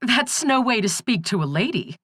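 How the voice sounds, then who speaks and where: A woman's voice: a little high, sing-song, normal speed, fairly bright tone, slightly rough, no room sound, clean studio sound, pitched above the performer's own voice, exaggerated voice. A woman voicing a playful young female prankster who teases in a mock-genteel way. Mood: teasing.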